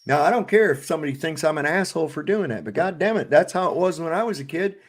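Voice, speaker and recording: Middle-aged guy ranting on a podcast, cussing a lot, kinda high voice. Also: animated, fast. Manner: blunt, profane, ranting storyteller. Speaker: podcast co-host. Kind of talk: casual profane storytelling chat.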